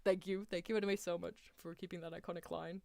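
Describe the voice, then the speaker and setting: A woman streaming a live anime reaction, gushing and excitable, laughing often and swinging between loud cries and hushed near-whispers. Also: fairly low pitch, fast talker, vocal fry, no room sound. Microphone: headphones on while streaming.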